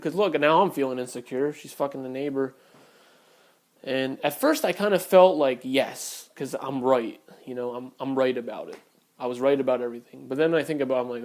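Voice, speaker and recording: A man's voice: mid-range voice, a little mellow. Blunt, profane man ranting. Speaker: vlogger. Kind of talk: casual storytelling rant.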